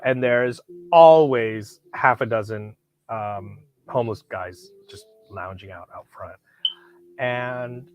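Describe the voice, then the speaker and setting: A man vlogging about knives, telling a rambling, profane story with lots of restarts and bursts of animation. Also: on the low side. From Hollywood, California. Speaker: knife collector vlogger. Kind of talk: casual storytelling.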